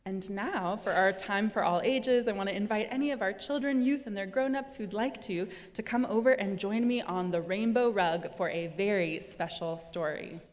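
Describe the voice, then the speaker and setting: A woman minister reading a silly story to children during a church service, playful and expressive. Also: medium pitch, moderate pace, few pauses. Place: church sanctuary. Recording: long reverb of a large hall.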